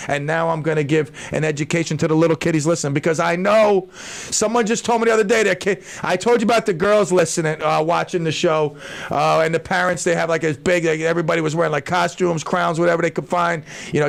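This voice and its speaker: A male radio show host chatting in a rambling, excitable way from his studio, calling out shout-outs to listeners. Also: on the high side, creaky. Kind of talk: casual radio chat. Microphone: studio microphone.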